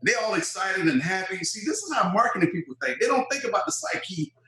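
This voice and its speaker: A man's voice: high-pitched, fast talker. A man in his fifties, a former football player, telling stories in an interview and acting out quoted voices. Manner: animated storyteller, acts out quoted voices. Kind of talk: storytelling interview. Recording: roomy echo.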